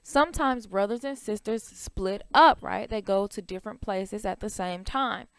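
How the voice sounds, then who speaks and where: A woman's voice: mid-range voice, normal speed, clean tone, no echo. A woman teaching a children's phonics lesson, stretching out vowel sounds and asking the class questions.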